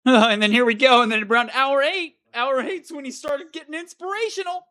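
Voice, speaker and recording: Woman voicing a melodramatic, put-upon game hero, high voice, dry close sound, comic diary rant. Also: moderate pace, fairly bright tone, no echo. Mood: exasperated. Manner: sarcastic, melodramatic complaining. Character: long-suffering male game hero stuck in a cave. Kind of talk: comedic diary monologue.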